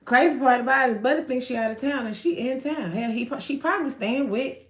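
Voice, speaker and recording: A woman giving a live tarot reading in an animated, slangy way, swearing and often breaking off mid-sentence. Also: sits high, quick pace, reverberant, background noise. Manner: animated, slangy, swears, frequent self-interruptions. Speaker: tarot card reader.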